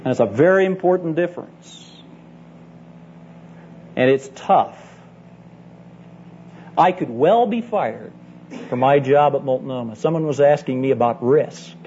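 Earnest mellow-voiced man preaching. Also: mid-range voice, unhurried, long pauses. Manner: earnest, emphatic, addresses listeners as "friend". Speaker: Bible college teacher speaking to church leaders. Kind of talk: conference sermon with personal stories. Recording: dull lo-fi tape with faint hum.

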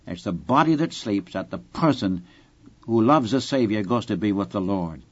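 A man's voice: lowish voice, animated, normal speed, slightly rough, no echo, lo-fi sound. A man preaching an expository sermon, reading scripture aloud and speaking earnestly and directly to his listeners. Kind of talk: Bible-teaching sermon.

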